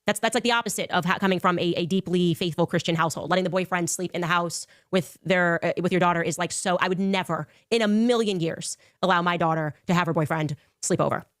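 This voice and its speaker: Sarcastic woman podcaster, low voice. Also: fast talker, hardly any pauses, no echo, studio quality. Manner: exasperated, sarcastic, talks through a timeline. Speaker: podcast host. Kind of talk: podcast commentary.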